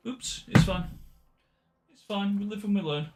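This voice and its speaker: A man's voice: sits high, unhurried, darkish tone, soft background music. A man giving casual game walkthrough commentary, chatty and often correcting himself mid-sentence. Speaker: gaming channel host.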